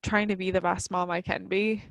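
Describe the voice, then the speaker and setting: A woman's voice: on the low side, level tone, brisk, a bit bright, no room sound, rough recording. Chatty woman podcast co-host, dry sound. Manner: chatty, peppered with "like". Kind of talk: casual chat.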